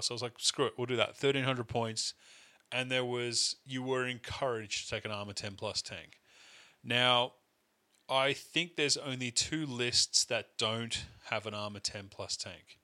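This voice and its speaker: Casting: young male podcast host, very bright forward voice, loose rambling banter. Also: mid-range voice, moderate pace. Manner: rambling, laughs often, swears casually. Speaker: podcast co-host and event organiser. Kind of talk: casual chat.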